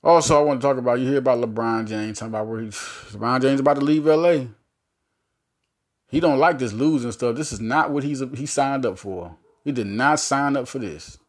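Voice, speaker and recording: A man hosting a solo sports podcast, talking in a rambling, animated way with many restarts and fillers. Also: medium pitch, a little fast.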